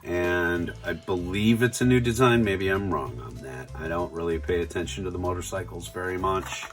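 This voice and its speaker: A man's voice: low voice, moderate pace, faint music behind. A middle-aged man reviewing toys in a casual unboxing, fond and chatty, full of ums and restarts. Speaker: toy reviewer.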